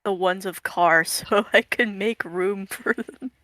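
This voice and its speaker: A woman guest in a casual group podcast, giggly and quick to apologize. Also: mid-range voice, fairly bright tone, no echo. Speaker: special guest.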